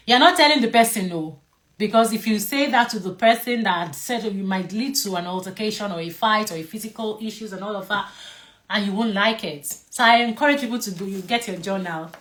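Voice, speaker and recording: A woman's voice: medium pitch, a little fast, fairly bright tone. A woman who teaches mental health to camera in a casual way. She is playful and emphatic, repeats key words and asks viewers to comment.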